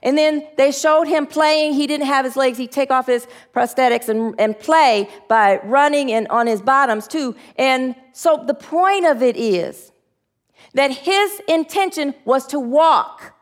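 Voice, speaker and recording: A woman's voice: sits high, unhurried. A woman minister giving a spiritual sermon, earnest and leading the group in spoken affirmations.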